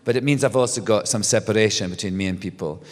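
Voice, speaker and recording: A middle-aged man talks loosely and animatedly on stage, starting over and laughing as he goes. His voice sits a little low. The sound carries a long hall reverb. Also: quick pace. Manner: animated storyteller, restarts, laughs often. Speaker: guest author. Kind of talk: casual onstage conversation. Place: stage before a live audience.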